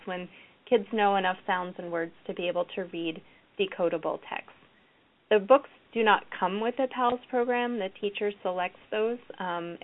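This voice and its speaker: A woman presenting a reading program for teachers, explaining classroom activities and modeling them aloud. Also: medium pitch. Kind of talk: recorded lecture with slides. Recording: tinny phone-like lo-fi audio.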